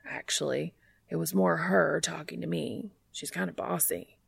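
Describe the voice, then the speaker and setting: A woman reading fan fiction aloud and voicing a guarded, teasing young man in a low, hushed, wry tone. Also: fairly even intonation, moderate pace, gravelly, husky, dry recording, full character voice.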